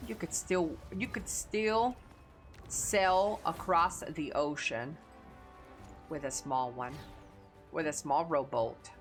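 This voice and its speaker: A woman's voice: sits low, slow pace, long pauses, soft background music. A woman streamer with a Chicano English accent, chatting casually, blunt and profane.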